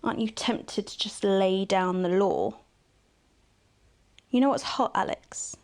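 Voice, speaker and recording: Megan Wolf, a purring tempter. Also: female voice, slow pace. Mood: seductive. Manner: teasing, taunting, purring low asides. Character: sultry scheming female news anchor playing a tempter. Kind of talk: video game voice acting.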